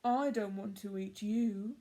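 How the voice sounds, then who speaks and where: A woman voicing a loud, booming male giant in a children's story, chanting his lines. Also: takes it slowly, close to an everyday voice. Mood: gruff.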